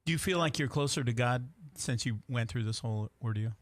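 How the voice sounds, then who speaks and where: A man's voice: mid-range voice, fairly quick, no echo. A man co-hosting a faith talk show, asking his guest probing questions.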